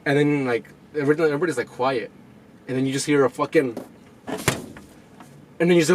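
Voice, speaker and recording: A young man co-hosts a podcast in casual chat, telling rambling stories full of swearing and acting out what people said. His mid-range voice is fairly quick and pauses often. The camera-audio recording has background noise.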